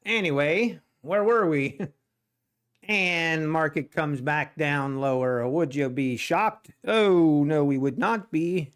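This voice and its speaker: A man hosting a live day-trading stream, excitable, laughing often and repeating himself. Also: on the high side, slow pace, clean tone. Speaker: day-trading livestream host.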